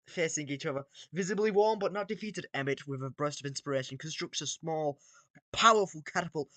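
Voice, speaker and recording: A man with a bright, forward voice, recorded close and dry, reads battle text out loud. He delivers it casually, drops asides and the odd swear between sentences. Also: fairly high pitch, no room sound. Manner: casual, swears and laughs between read lines. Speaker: video creator. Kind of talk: reading out and reacting to AI-written battles.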